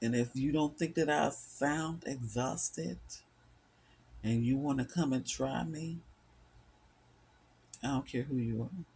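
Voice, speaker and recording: A man's voice: medium pitch, slow pace, long pauses, a little mellow, a little hiss or hum. A middle-aged man giving an impassioned solo monologue, weary, emphatic and repetitive as he stresses his points. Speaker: vlogger.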